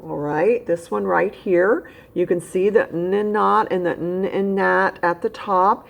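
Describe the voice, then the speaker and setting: In a recorded phonics lesson, a woman speaks straight to a young pupil at home, patiently repeating key points. Her voice is fairly low and creaky, a little slow, with fairly even intonation.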